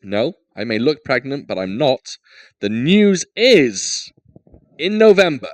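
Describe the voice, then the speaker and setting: A man's voice: mid-range voice, expressive, slow pace, no echo. A man hosting a podcast in casual chat, joking and rambling with lots of fillers. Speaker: podcast host.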